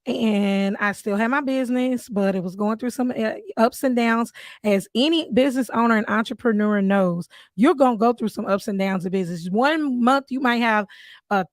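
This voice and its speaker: A woman's voice: a little high, normal speed, no echo. Earnest woman telling her story. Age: adult, mother of three. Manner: earnest, storytelling, with warm asides. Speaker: podcast host. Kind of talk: personal testimony on faith.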